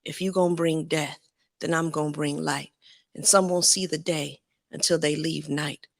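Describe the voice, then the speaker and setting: A woman performing a spoken word poem in a rhythmic, measured recitation. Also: sits low, steady tone, gravelly, dry recording, studio quality.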